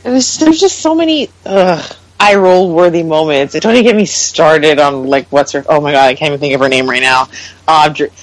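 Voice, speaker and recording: A woman's voice: low voice, a little fast, no room sound, rough recording. A woman co-hosting a podcast, chatting casually and acting out what others said with exasperation. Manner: animated, exasperated, acts out quotes. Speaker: podcast co-host. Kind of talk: casual chat.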